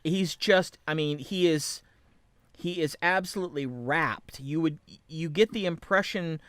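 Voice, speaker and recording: Bright-voiced man running a tabletop game. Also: on the high side, measured pace, clear, resonant tone, no echo. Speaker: game master.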